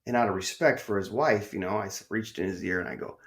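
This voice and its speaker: A man's voice: medium pitch, fast talker, hardly any pauses. Chatty middle-aged man telling stories. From northern Illinois. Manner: chatty, excitable, rambling with restarts. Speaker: podcast host. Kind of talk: casual storytelling.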